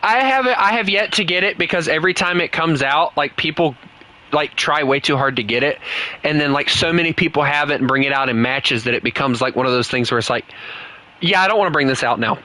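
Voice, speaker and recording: A man's voice: fairly high pitch, brisk, sharp tone, poor audio. A man, chatting casually with teammates and chat while streaming a game, laughing often. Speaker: gaming streamer. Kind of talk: casual live gameplay chat.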